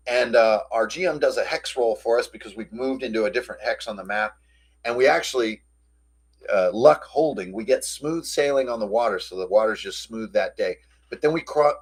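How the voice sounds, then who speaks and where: A man hosting a casual recap of a tabletop game session, telling it in an animated, slangy way. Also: mid-range voice, breathy edge. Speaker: host.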